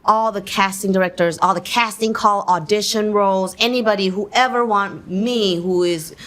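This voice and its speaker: A Thai-born woman whose first language is Thai, chatting in an interview as a guest, animated and quick to laugh, with plenty of fillers. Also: mid-range voice. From Thailand. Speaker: actor and guest. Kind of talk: casual interview chat.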